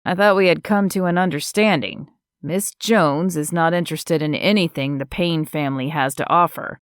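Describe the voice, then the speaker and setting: A woman voicing a protective former soldier who speaks calmly and firmly. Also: deep voice, moderate pace, clean tone, no echo, clean studio sound, close to an everyday voice. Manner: calm, firm, steady.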